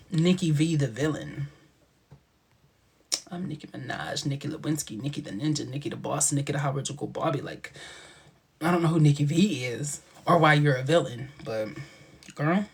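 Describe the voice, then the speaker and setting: A man's voice: fairly high pitch, measured pace, gravelly, long pauses, husky. A man hosting a casual live stream, chatting to viewers in a playful, sassy way with lots of laughter and dramatic asides. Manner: animated and playful, with frequent laughter.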